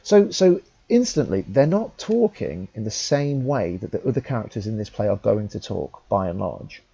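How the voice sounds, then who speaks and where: Muffled, husky-voiced male teacher. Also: fairly low pitch, very animated, moderate pace, mellow. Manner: conversational, thinking aloud, with fillers and restarts. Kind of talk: talkthrough lesson.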